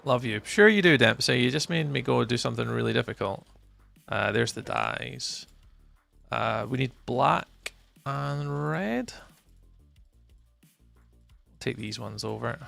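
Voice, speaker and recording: Speaking slowly with frequent pauses, a Scottish gamer on a live stream chats with viewers, addresses chat readers by name, and mutters under his breath as he plays. His voice is medium-pitched and a bit bright with vocal fry, and soft music plays behind him.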